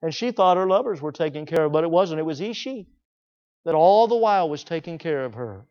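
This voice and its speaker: A man preaching a sermon, emphatic, repeating key phrases and swinging between loud declarations and hushed asides. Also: a little high, lively intonation, brisk. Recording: dull lo-fi recording.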